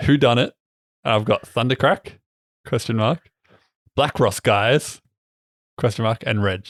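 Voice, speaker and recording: A man talking as a player in a tabletop game, halting and stammering. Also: medium pitch, no room sound.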